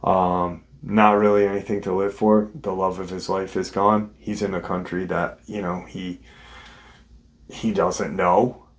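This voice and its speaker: Male host, low voice, unhurried, off-the-cuff storytelling full of ums and restarts. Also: little pitch movement. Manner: unscripted, many ums and restarts. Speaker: host of a paranormal encounter channel. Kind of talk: casual spoken retelling of a listener's story.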